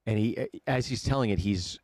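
A man in his thirties speaks in a low voice, relaxed and teasing as he co-hosts a casual podcast. The sound is dry and close. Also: moderate pace, no echo. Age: 30s. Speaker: podcast co-host. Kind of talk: casual chat.

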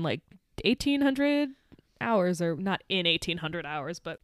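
A woman's voice: medium pitch, animated, unhurried, clean tone, dry recording, clean studio sound. A woman co-hosting a podcast, chatting casually about a film, rambling and swearing freely as she acts out lines. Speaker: podcast co-host.

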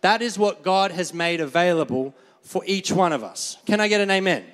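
A man's voice: sits high, expressive, normal speed, fairly bright tone. A man preaching a conversational sermon, calling for amens and laughing often as he brings a volunteer on stage. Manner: conversational, asks the crowd for amens. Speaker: pastor. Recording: long reverb of a large hall.

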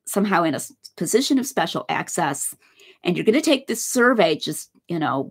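A woman's voice: medium pitch, creaky, slightly rough. A woman giving a conversational philosophy lecture, walking through a hypothetical example step by step.

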